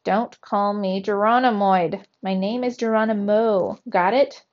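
A woman voicing a fussy, excitable grown male mouse who complains loudly in a shrill voice, heard on a dull lo-fi recording. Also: a little slow, natural voice. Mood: outraged.

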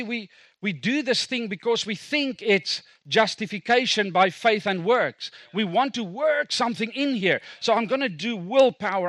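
A man's voice: sits high, fairly bright tone, no room sound. A middle-aged South African man, a native Afrikaans speaker, preaching a sermon as a pastor in a conversational, self-deprecating way with asides to the congregation.

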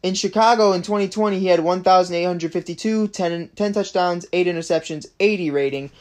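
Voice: medium pitch, brisk, a little mellow. A young adult in their twenties hosting a sports podcast, ranting in frustration and swearing constantly as a fan. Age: 20s. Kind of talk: casual sports podcast rant.

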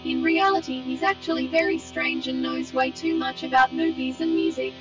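A woman's voice: very high voice, normal speed. A synthetic female voice playing a friendly robot announcer who teasingly introduces a show. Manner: chirpy, mocking show introduction. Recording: dull, distant, over loud music.

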